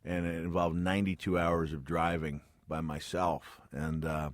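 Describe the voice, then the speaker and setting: A man's voice: deep voice, flat delivery, moderate pace, no echo, studio quality. A middle-aged man as a radio interview guest, telling stories in a rambling way with restarts and frequent chuckles. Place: radio studio.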